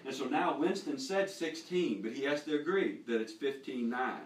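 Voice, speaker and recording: A man's voice: medium pitch, normal speed. A middle-aged man teaches a Bible lesson in a living room, talking casually and restarting his sentences with repeated words. His voice comes from across the room and rings off the walls. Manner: animated, repeats words when starting sentences. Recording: echoey room, voice from far off.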